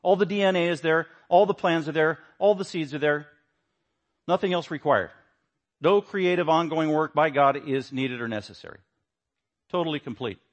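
A man teaching a Bible lesson, stressing words and swinging between quiet asides and louder points. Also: fairly high pitch, normal speed.

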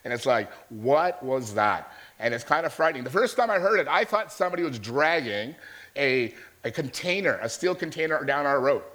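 A man's voice: on the high side, lively intonation, fairly quick, a bit bright. A man preaching a sermon as a pastor, in a conversational storytelling manner that keeps checking in with his listeners.

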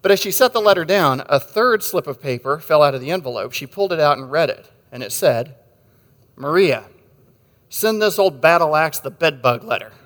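Wry preacher in a reverberant hall. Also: male voice, a little high, animated, moderate pace, fairly bright tone. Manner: conversational and wry, with asides and jokes. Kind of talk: sermon with storytelling.

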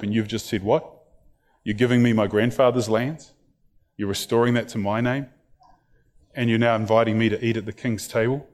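A man's voice: mid-range voice, a little mellow, lightly acted. A man voicing a frightened, lame young man who asks incredulous questions during a sermon.

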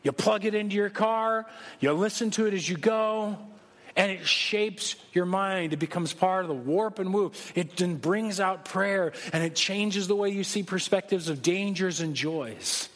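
A man's voice: sits high, measured pace, fairly bright tone. A man preaching a sermon as pastor, conversational and joking but emphatic. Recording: long hall reverb.

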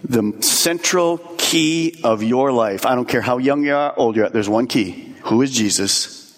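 A man preaching a sermon as pastor, with emphatic delivery that swings between rising and hushed. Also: mid-range voice, measured pace. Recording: long reverb of a large hall.

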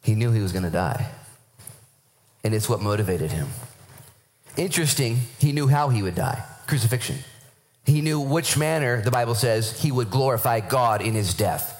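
A man preaching a sermon, his voice rising and falling widely as he tells stories. He throws in acted-out quotes, and his pitch sits in the middle range for a man. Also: moderate pace. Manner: animated storytelling with acted-out quotes. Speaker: pastor.

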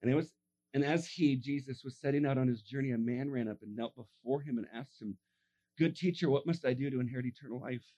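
A man preaching a sermon, telling stories and acting out the voices of the people in them, dropping to a hush and then rising to a shout. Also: medium pitch, fast talker, dull audio. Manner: acts out voices in his stories, swings from hushed to shouting. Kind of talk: animated sermon storytelling.

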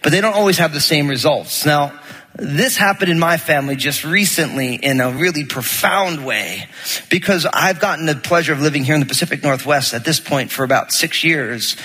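Bright, husky preacher man in a hall. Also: fairly high pitch, moderate pace. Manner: storytelling, animated, acts out quotes. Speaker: pastor. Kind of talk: sermon.

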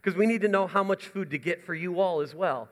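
A man's voice: high voice, brisk, big-room sound. A young man, a pastor, giving chatty, enthusiastic church announcements with many restarts. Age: young adult. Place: church sanctuary.

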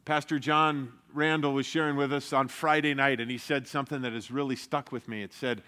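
A man preaching a sermon in an earnest way, dropping to a hush for emphasis and rising when he stresses a point. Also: medium pitch, fairly even intonation, brisk, clear, resonant tone. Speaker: pastor.

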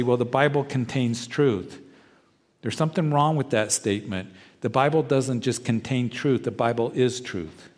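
A man preaching a sermon, earnest and emphatic, who leans on repeated phrases and slows down to stress a point. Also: mid-range voice, a little mellow. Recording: long reverb of a large hall.

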